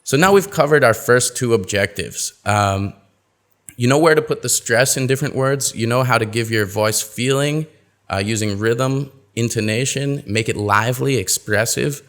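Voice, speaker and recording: A man teaching pronunciation in a webinar, explaining and acting out example sentences in a lively, expressive way. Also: medium pitch, moderate pace. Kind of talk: webinar lesson.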